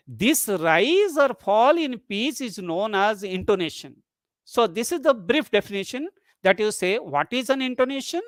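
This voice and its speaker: A lecturer delivering an academic webinar, walking through each idea slowly and restating it in new words. The voice sits at a middling pitch and is recorded dry and close, with no room sound. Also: sing-song, fairly bright tone, no echo. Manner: explanatory, repeats and rephrases points, occasional restarts.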